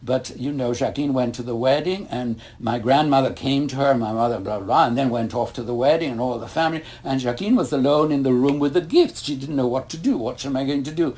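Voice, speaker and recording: Older man, interview guest, animated storyteller, acts out quoted voices, mid-pitched. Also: fast talker, few pauses. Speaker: interview guest, ballet master. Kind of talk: storytelling in conversation.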